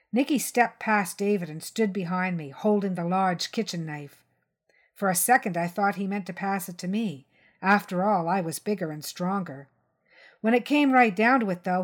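A woman reading a crime short story aloud in first person, steady and tense. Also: on the low side. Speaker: story reader.

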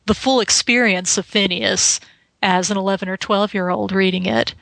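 A woman in her forties chats casually on a podcast, thoughtful and hesitant, using frequent fillers and "you know." Her medium-pitched voice is steady, creaky, and a bit bright, at a moderate pace, with no echo but low recording quality.

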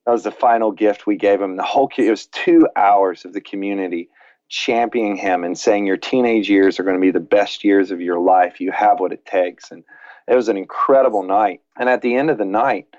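A man's voice: lowish voice, a little fast, darkish tone, dry recording, lo-fi sound. A man in his late thirties, talking earnestly in a casual faith conversation and telling family stories, often restarting his sentences. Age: late 30s. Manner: earnest, repeats words when starting sentences.

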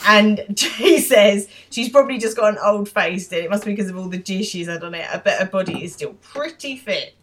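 A woman's voice: mid-range voice, normal speed, few pauses. A woman co-hosting a podcast, describing scenes and explaining British slang in casual chat. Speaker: podcast co-host.

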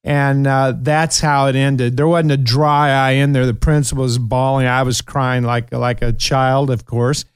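A man's voice: mid-range voice, level tone, measured pace, few pauses, smooth, no echo, clean studio sound. A middle-aged man with a Kentucky accent, hosting a talk show and telling emotional stories with many fillers. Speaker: show host. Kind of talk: casual radio talk show chat.

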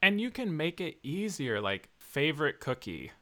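A man's voice: on the high side, very animated, normal speed, pushed and bright. A young man co-hosting a podcast in casual chat, laughing often and joking at his own expense. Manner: laughs often, self-deprecating. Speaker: podcast co-host.

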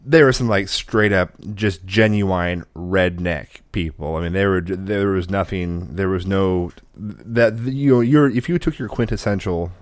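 A man's voice: low-pitched, measured pace, few pauses, no echo, studio quality. A man co-hosting a casual chat, telling rambling stories and laughing often. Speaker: podcast co-host.

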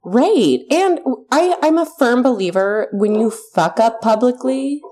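A woman's voice: a little high, animated, measured pace, darkish tone. A woman, a mother in her thirties, earnestly telling a personal story in a casual chat, swearing now and then when heated.

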